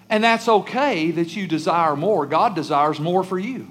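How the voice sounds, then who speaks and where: A man's voice: sits high, moderate pace, soft background music. A man preaching a sermon as a pastor, emphatic, sometimes acting out the pleading voices of churchgoers and children. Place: church sanctuary.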